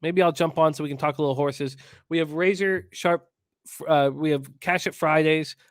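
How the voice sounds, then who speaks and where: A man's voice: fairly high pitch, fairly even intonation, moderate pace, dry recording, clean studio sound. A man hosting a sports betting radio show, upbeat, plugging upcoming shows and greeting listeners by name. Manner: upbeat, plugs shows, reads chat names. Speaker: host.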